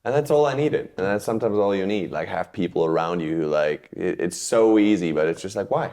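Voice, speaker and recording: A magician in casual conversation, rambling and dropping in quick "yeah, yeah" replies. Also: male voice, low-pitched, lively intonation, darkish tone. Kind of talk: casual chat.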